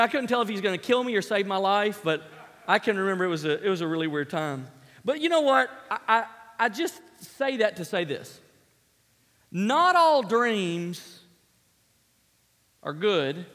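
High-voiced man preaching in a reverberant hall. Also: a little slow. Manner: animated storyteller, acts out sounds and voices. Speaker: pastor. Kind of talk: sermon with personal story.

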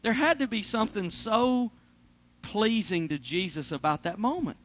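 Brief: high-pitched man preaching, lively, dynamic swings. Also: moderate pace. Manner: animated preaching, swings between loud and hushed. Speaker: pastor. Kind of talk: sermon.

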